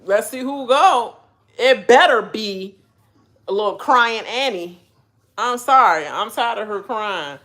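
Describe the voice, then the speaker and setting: A woman's voice: a little high, lively intonation, takes it slowly, a bit bright. A young woman hosting a live reaction stream, chatting casually, ranting and laughing as she goes.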